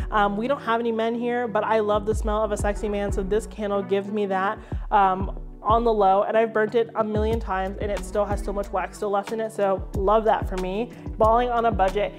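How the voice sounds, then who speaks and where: A chatty young woman talks through her kitchen favorites in a playful, joking way, her voice sitting a little high. Soft music plays faintly underneath her. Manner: chatty and playful, with jokey asides. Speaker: home and lifestyle creator. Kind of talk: casual sponsored product review.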